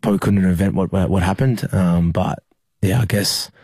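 A young Australian man, a rugby league player, telling a personal story in an interview, halting with many fillers and restarts. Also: sits low, fairly even intonation, a little mellow, husky, no room sound.

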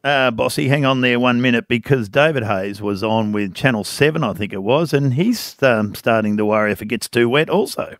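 A man's voice: medium pitch, moderate pace, hardly any pauses, no room sound, clean studio sound. A man hosting radio, bantering and telling jokes with relish. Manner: jokey, telling a gag with relish. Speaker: radio host.

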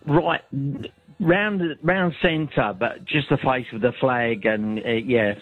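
A man's voice: mid-range voice, slow pace, dry recording, faint music behind. A man calling into a radio show, telling a story in a chatty way with some hesitation. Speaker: radio caller. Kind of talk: casual phone call story. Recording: tinny phone line.

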